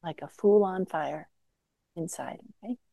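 A woman meditation teacher giving a gentle, conversational dharma talk with self-deprecating asides. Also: on the low side, unhurried, creaky, dry recording, rough recording.

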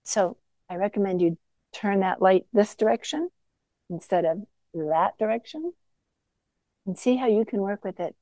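A woman meditation teacher giving a gentle, conversational dharma talk with self-deprecating asides. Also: mid-range voice, normal speed, long pauses, no room sound, low-quality recording.

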